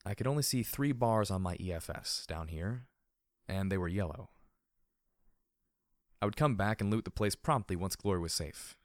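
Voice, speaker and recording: Man narrating an audiobook, low and dry. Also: lively intonation, normal speed, long pauses, no room sound. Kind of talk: first-person audiobook narration.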